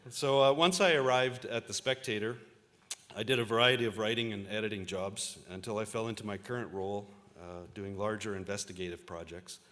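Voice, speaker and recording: A man's voice: fairly low pitch, fairly even intonation, a little fast, a bit bright, long reverb tail. A man in his fifties, a journalist giving a convocation speech and telling anecdotes with a few fillers. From Ontario, Canada. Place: large auditorium.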